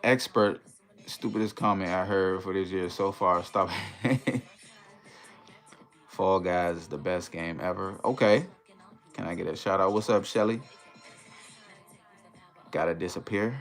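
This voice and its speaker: A man hosting a casual livestream in a relaxed, easygoing way, reading viewer comments aloud and greeting them. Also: deep voice. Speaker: livestream host.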